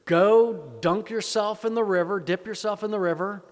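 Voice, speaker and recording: A preacher voicing a brusque prophet who gives emphatic orders, recorded in an echoey hall. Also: male voice, high voice, big pitch swings, moderate pace, fairly bright tone, full character voice. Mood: commanding. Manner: emphatic, commanding.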